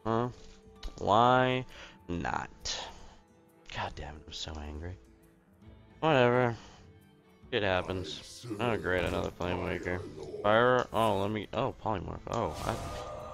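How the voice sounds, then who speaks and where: Gravelly young man griping through a game. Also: lowish voice, unhurried, long pauses. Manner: frustrated, swearing, talks to himself. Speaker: streamer. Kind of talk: live gameplay commentary. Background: game music.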